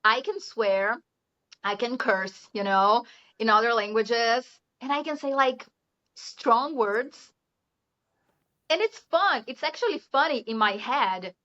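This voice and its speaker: A Brazilian woman, an English teacher, is a casual interview guest speaking English with a Brazilian Portuguese accent. Slow-paced and a little high, her voice is bright with a forceful edge, and she laughs a lot and leans on "you know." Audio quality is muffled and lo-fi.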